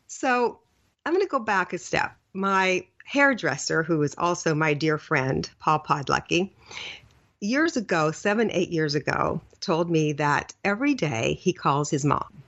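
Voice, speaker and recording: A middle-aged woman with a lowish voice, hosting a podcast and telling a personal story in an animated, chatty way. She laughs now and then as she talks. The sound is a bit dull and lo-fi, as if taped in a hotel room. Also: a little slow. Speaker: podcast host. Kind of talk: casual storytelling monologue. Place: hotel room, seated on the floor. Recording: dull lo-fi recording.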